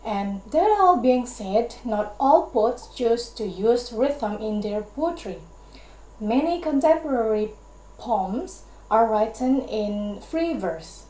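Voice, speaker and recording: A young woman from Indonesia, a university student giving a class presentation, explaining carefully and deliberately. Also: a little high, animated, dark tone, echoey room, poor audio. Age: young adult. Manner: careful, deliberate explaining, often linking with "and then".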